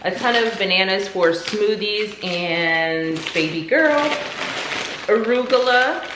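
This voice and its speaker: A woman's voice: fairly low pitch, slow pace. A woman chatting casually through a grocery haul in an upbeat, chatty way with lots of fillers. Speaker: vlogger. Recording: echoey room, faint noise.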